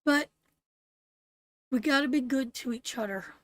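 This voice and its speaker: A middle-aged woman from Canada hosting a live tarot show, her voice sitting high. She talks bluntly and curses freely while giving viewers a pep talk. The sound is dry and close, with no room echo. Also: unhurried, pauses often. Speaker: tarot reader and host. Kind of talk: live-stream tarot reading and chat.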